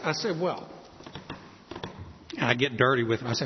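A man's voice: a little high, lively intonation, moderate pace, long pauses. A man preaching a sermon, emphatic, acting out back-and-forth exchanges with doubters. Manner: emphatic, acts out quoted exchanges. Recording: dull lo-fi sound with long hall reverb.

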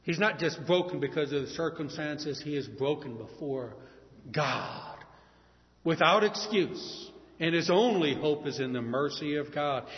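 A man preaching a sermon, impassioned, swinging between hushed pleading and loud emphasis. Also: a little high, lively intonation, unhurried. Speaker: pastor. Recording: dull lo-fi sound in a reverberant hall.

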